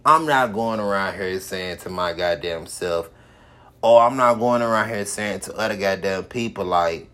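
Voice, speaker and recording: A man's voice: deep voice, moderate pace, a bit bright. A man hosting his own podcast, giving a profane, repetitive motivational monologue with heavy swearing. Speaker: podcast host.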